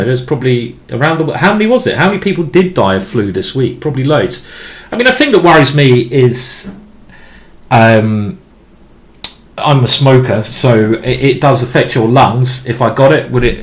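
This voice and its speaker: A man streaming a chess game live. He thinks aloud in a chatty, rambling way with many restarts as he explains his moves. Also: medium pitch.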